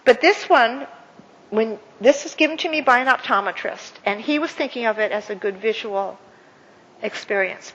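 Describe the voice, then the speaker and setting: A woman speaker leading an audience through a counting and clapping exercise, with many fillers and warm praise. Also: on the high side, muffled recording, slight background noise. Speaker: guest speaker. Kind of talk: interactive workshop talk. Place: event hall with audience. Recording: echoey hall with faint ambience.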